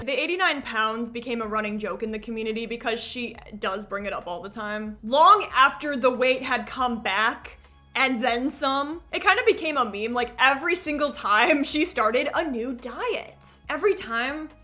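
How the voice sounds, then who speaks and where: A woman's voice: fairly high pitch, animated, moderate pace, sharp tone, soft background music. A woman hosting a commentary video, narrating with sarcastic joking asides. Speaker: commentary channel host.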